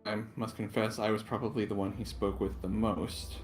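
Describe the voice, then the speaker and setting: A man playing a tabletop game, halting and restarting his sentences. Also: lowish voice, flat delivery, soft background music. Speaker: player. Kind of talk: tabletop role-play chat.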